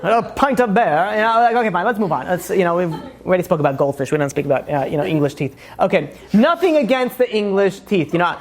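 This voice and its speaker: A man's voice: high voice, big pitch swings, fast talker, hardly any pauses. A man, a rabbi giving a casual, joking class. He rambles through asides and self-mocking humor and fills his talk with "you know" and "like".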